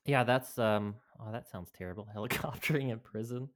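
Podcast host, average-pitched voice, easy laughter, halting filler-heavy chat. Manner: laughs easily, hesitant with fillers. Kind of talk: casual chat.

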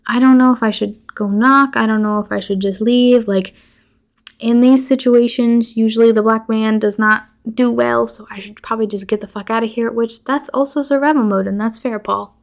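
A woman's voice: a little high, steady tone, normal speed, creaky. A woman podcast host casually recapping a horror movie, chatty and swearing freely, acting out the characters' lines.

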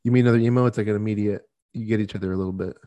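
A man in his thirties co-hosting a podcast in casual chat, chatty and quick to laugh, often acting out quotes. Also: lowish voice, fairly even intonation, mellow. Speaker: podcast co-host.

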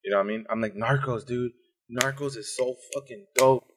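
A man hosting a podcast in casual chat, animated and profane, acting out quoted dialogue. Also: medium pitch, fairly quick, noisy background. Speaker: podcast host.

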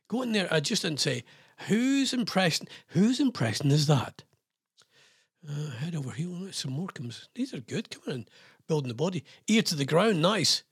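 A man hosting a late-night radio show in a loose, rambling way, full of wry asides about himself. His voice is a little husky and sits slightly high for a man. The sound is dry and close, with no room around it. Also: fairly bright tone, no echo. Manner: rambling, self-deprecating asides. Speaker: radio host. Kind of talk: casual radio chat.

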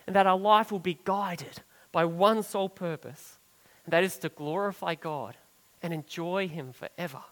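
High-voiced man preaching earnestly. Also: moderate pace, long reverb tail, poor audio. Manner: earnest preaching that swells for emphasis and drops soft and low on key phrases. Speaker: pastor. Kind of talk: sermon.

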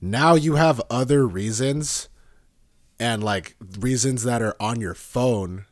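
A young man hosting a podcast, chatting casually in a rambling, profane, animated way and laughing often. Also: mid-range voice, slow pace, no room sound, clean studio sound. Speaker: podcast host.

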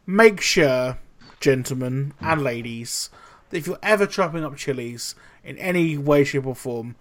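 A man co-hosting a casual podcast, telling animated, sweary stories. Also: medium pitch, a little slow. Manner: animated storytelling, heavy swearing. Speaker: podcast co-host. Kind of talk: casual chat.

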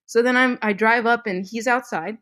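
Animated woman telling a story. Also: fairly high pitch, normal speed. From Midwestern United States. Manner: animated, laughs often, swearing while retelling. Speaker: podcast host. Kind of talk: casual storytelling chat.

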